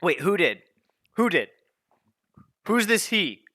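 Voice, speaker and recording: A man's voice: big pitch swings, slow. A man streaming a game, chatting casually with his chat, swearing a lot and breaking into exasperated rants. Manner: swearing, exasperated, bursts into high shouting rants.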